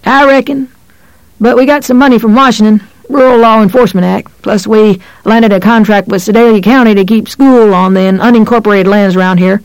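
A reader voicing an elderly white-haired country veterinarian who speaks in a calm, serene rural drawl in an audiobook. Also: medium pitch, fairly quick, clean tone, no room sound, voice pushed up, close to an everyday voice, poor audio. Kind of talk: audiobook character voice.

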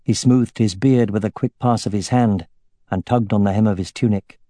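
A man narrating a fantasy audiobook in a measured, steady way. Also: lowish voice, no echo, studio quality.

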